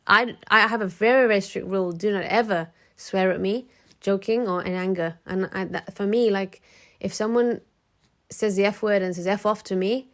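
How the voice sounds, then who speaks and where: A woman's voice: mid-range voice, steady tone, normal speed, fairly bright tone. A woman vlogging to camera in a frank, chatty way, with many restarts, who acts out the people she quotes. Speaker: motivational vlogger. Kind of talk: casual talk to camera.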